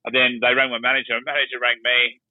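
A man's voice: medium pitch, completely flat delivery, no room sound. A man, a podcast co-host, chatting casually and rambling with stops and restarts. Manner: rambling, halting storyteller. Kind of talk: casual chat. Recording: dry tinny call audio.

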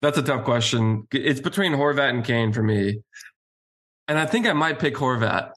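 Calm co-host, a man with mid-pitched speech, sure of his takes, easygoing delivery. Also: normal speed. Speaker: sports talk co-host. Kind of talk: casual hockey chat.

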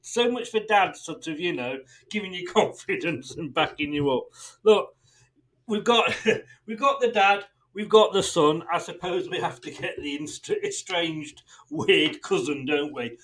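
A man with a notably high voice hosts a casual football podcast. He chats loosely and mocks himself, laughing through his lines. The call sounds like it was made over a video link. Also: big pitch swings, a little slow, fairly bright tone. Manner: chatty, laughs often, self-mocking. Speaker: podcast host. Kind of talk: casual chat.

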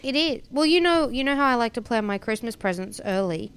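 A woman's voice: a little high, lively intonation, fairly quick, smooth, no echo. A woman co-hosting a podcast, chatting casually and rambling through a TV show recap. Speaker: podcast co-host.

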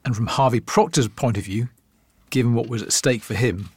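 A man hosting and narrating a documentary podcast in a measured storytelling manner. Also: mid-range voice, a little mellow, breathy edge. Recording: narration with faint music underneath. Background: faint music.

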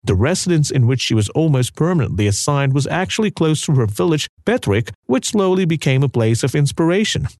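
A man giving measured documentary narration about historical events. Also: on the high side, very animated, a little mellow, no room sound, studio quality.

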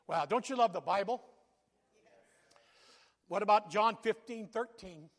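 A man preaching a sermon as pastor, with loud swells on scripture and quieter conversational asides. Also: sits high, measured pace, pauses often. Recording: long reverb of a church hall.

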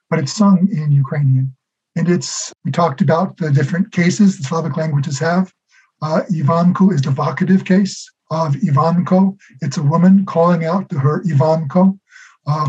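A man's voice: a little high, a little mellow, husky. A man in his sixties, a guest in an interview, talking in a friendly, thoughtful and modest way. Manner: friendly, thoughtful, self-deprecating. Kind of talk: casual interview conversation. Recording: dull lo-fi audio.

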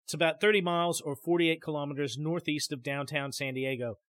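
A man's voice: fairly high pitch, steady tone, brisk, a bit bright. A man hosting a podcast, telling a story in a loose, rambling way with many restarts, and speaking straight to his listeners. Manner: addresses listeners directly. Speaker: podcast host. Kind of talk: casual storytelling.

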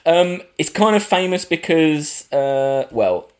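A man's voice: a little high, animated, slow pace, a little mellow, clear, resonant tone. A middle-aged man hosting a casual film podcast, chatty and jokey. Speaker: podcast host.

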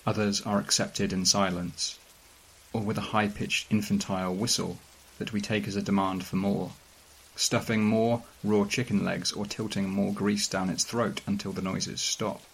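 A man reading a strange first-person story aloud in a calm, dry, measured way. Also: fairly low pitch, gravelly, slightly rough, poor audio. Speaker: narrator. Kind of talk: scripted narration of a weird fiction story.

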